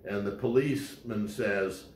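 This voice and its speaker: A man's voice: on the low side, a little slow, slight background noise. A man giving a law lecture in a conversational way, often repeating words and restarting his sentences as he explains. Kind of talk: recorded lecture. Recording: roomy echo.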